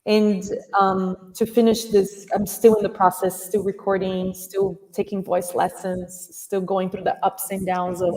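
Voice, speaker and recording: A woman guest telling a personal story in a casual chat, animated and quick to laugh. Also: medium pitch, recorded from a distance.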